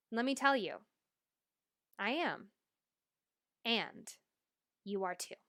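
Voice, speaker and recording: A woman's voice: mid-range voice, normal speed, pauses often, fairly bright tone. A young adult woman hosting a solo podcast as a life coach, talking in an earnest, emotional, motivational way.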